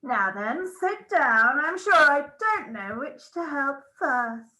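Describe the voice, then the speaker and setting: A woman's voice: high voice, big pitch swings, slow, pushed and bright, full character voice, poor audio. A woman reading the part of a flustered young housemaid who fusses in a breathless way. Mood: cheerful. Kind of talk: script read-through.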